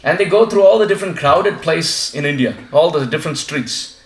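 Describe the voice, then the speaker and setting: A man gives a devotional talk to a home gathering, his voice sitting high and swinging widely as he tells a story. He acts out passers-by with a lively storytelling manner. The room around him rings with echo. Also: fairly quick. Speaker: visiting preacher.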